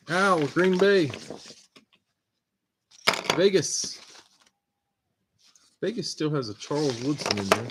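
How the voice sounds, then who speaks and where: A man hosting a live stream, steadily reading out viewer names and teams with relaxed asides. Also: a little high, background noise. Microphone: computer mic on a live stream.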